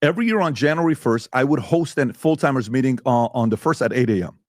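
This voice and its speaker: A man's voice: medium pitch, expressive, quick pace, darkish tone, dry recording, clean studio sound. A male podcast host in a heated debate, talking emphatically and firing rhetorical questions.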